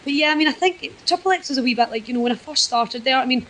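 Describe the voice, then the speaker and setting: A woman's voice: sits high, fast talker, a bit bright, slight background noise, poor audio. A Scottish woman, a wrestler guest, chatting casually and self-deprecatingly in a podcast interview. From Scotland.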